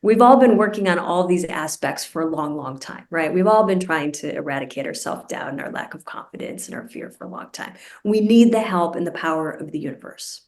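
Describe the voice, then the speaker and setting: A woman meditation teacher guiding a group through a breathing practice, speaking slowly and deliberately, over a video call. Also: lowish voice, expressive, a little mellow. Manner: slow, deliberate, soothing instruction. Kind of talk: guided meditation instruction. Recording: roomy and distant from the mic.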